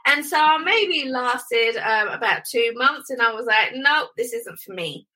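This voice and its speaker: A middle-aged woman, an interview guest, telling her story in an animated way and acting out the dialogue. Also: fairly high pitch, a little slow, poor audio. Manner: animated, acts out dialogue with lively quoted voices. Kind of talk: casual storytelling.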